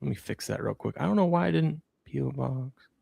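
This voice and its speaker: A man in his thirties hosting a casual talk show, telling animated stories about his kids. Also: mid-range voice, a little fast, gravelly, slightly rough, no echo, clean studio sound. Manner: animated storyteller, acts out a toddler's shrieks. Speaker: podcast host. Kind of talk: casual chat.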